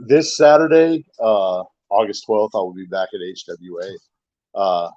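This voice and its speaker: A man, a wrestler guest in a casual interview, speaking haltingly with many pauses and fillers. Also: lowish voice, expressive, a little mellow, dry recording, muffled recording.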